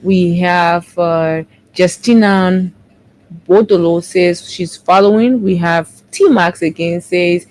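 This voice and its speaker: A woman, co-hosting a morning show and briskly reading out viewer comments, correcting herself as she goes. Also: lowish voice, a little mellow, poor audio. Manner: brisk, with quick self-corrections.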